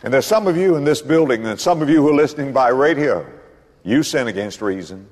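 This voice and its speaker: An older man preaches from the pulpit, his voice leaping high and dropping low with dramatic flair. His tone sits a touch higher than most men's. The sound carries the long reverb of a church hall. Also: expressive, quick pace. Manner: dramatic preaching, swings between booming and hushed. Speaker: pastor. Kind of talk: sermon. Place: church building.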